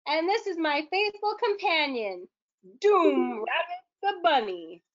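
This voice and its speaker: A woman's voice: high-pitched, expressive, takes it slowly, lo-fi sound, voice pushed up. A woman voicing a bold, cheerful young woman inventor who introduces herself as a hero, in a storybook read-aloud. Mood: proud.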